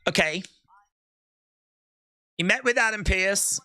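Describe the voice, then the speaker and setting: A speaker giving excitable live reaction commentary on a wrestling show, breaking into shouts and laughs. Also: mid-range voice, slow pace. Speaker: wrestling watch-along streamer.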